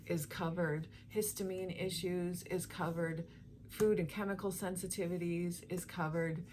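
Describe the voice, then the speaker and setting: A woman's voice: fairly low pitch, a little mellow, slight background noise. A woman vlogger sharing a personal health testimony in an earnest, heartfelt way, drawing out her phrases.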